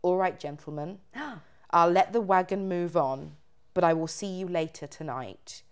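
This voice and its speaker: A woman reading out the lines of a taunting witch spirit, in a low voice close to her own. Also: measured pace, clean tone.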